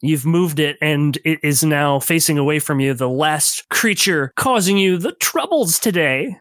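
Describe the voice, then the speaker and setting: A man's voice: fairly high pitch, expressive, unhurried, fairly bright tone, no room sound. A man narrating combat as game master in a tabletop role-playing game, vivid and gleeful.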